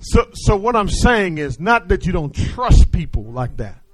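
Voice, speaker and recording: High-pitched shouting preacher. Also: male voice, sing-song, measured pace, dry recording, poor audio. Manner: call-and-response preaching, swinging from shouts to hushed asides. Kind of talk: sermon.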